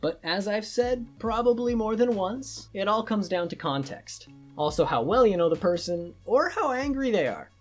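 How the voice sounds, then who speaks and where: A young woman hosts a comic explainer, sarcastic and crude, now and then sliding into mock voices. Her pitch swoops and bounces a lot. Faint music plays under her voice. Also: animated, normal speed, hardly any pauses. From Canada. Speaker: YouTuber. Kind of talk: comedic explainer monologue.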